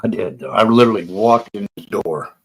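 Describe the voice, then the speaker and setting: A low-voiced man hosts a casual live stream, talking in a rambling, profane, defensive way. He sounds out of breath. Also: brisk. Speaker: livestream host.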